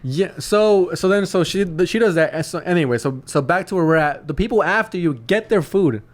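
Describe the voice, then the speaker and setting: A man's voice: sits high, lively intonation, a little fast. A young man, a podcast co-host, telling a story in casual chat, rambling with many restarts and calling his friend dude.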